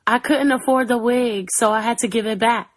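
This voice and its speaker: A woman with a high voice fires off crude, mocking insults in a profane roasting rant. The sound is dry and close. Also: steady tone, moderate pace, no room sound, poor audio. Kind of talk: profane roasting rant in a social media clip.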